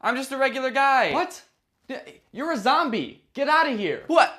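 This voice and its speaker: A man playing a panicked survivor in a comic sketch, shouting in an over-the-top way. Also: extremely high pitch, expressive, normal speed, pitched above the performer's own voice, exaggerated voice. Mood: frantic.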